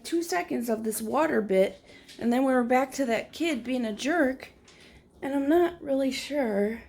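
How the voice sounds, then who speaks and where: A woman's voice: fairly high pitch, noisy background. A woman talking casually in a rambling, easygoing morning vlog at home by a window. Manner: rambling, easygoing, drifts into whispers. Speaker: vlogger.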